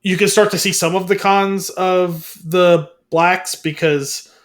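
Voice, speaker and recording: A man's voice: high-pitched, steady tone, takes it slowly. A man co-hosting a podcast in casual chat, rambling and hedging with lots of fillers. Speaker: podcast co-host.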